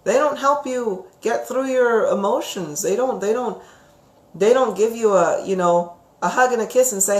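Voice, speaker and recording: A woman's voice: a little high, normal speed. Chatty woman in an echoey room. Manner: chatty and expressive, keeps asking "right?". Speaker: psychic teacher. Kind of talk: live-stream chat reading viewer comments. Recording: roomy echo.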